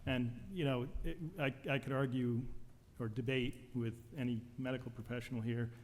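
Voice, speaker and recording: A man's voice: medium pitch, fairly even intonation, normal speed. A man testifying at a legislative hearing, intense and accusatory, firing off medical jargon. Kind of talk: public testimony. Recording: long hall reverb.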